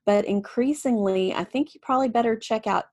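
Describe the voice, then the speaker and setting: A woman co-hosting a podcast, talking in an earnest, emphatic and lively way. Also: a little high, fairly quick, no echo. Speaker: podcast co-host. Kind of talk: casual podcast discussion.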